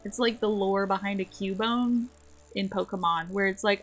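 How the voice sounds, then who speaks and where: A woman's voice: medium pitch, fairly even intonation, normal speed, faint music behind. A woman streaming a game, chatting casually in a playful, rambling way. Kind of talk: casual gameplay chat.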